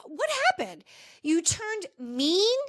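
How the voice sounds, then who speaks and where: A woman's voice: very high voice, sing-song, takes it slowly, no echo. A woman hosting a podcast, chatting casually and with strong opinions as she recaps a reality TV episode. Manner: chatty and opinionated, talking straight to cast members. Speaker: podcast host.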